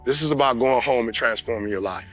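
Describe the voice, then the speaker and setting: A man giving a motivational speech on a conference stage, talking emphatically and swinging from quiet, confiding talk to shouting. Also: medium pitch, quick pace, soft background music. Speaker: motivational speaker. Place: conference stage before an audience.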